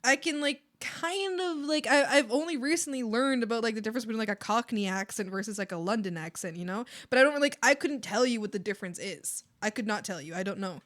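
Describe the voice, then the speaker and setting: A woman's voice: a little high, fast talker, few pauses, fairly bright tone. A Canadian woman livestreaming while she draws, chatting casually with viewers and filling her talk with "like". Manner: chatty, giggly, heavy use of filler "like". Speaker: art streamer.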